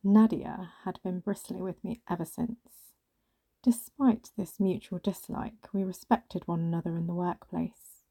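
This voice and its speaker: A woman reading a first-person story aloud in a hushed, often half-whispered way. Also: lowish voice, fairly even intonation, a little slow, husky, no echo. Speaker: narrator.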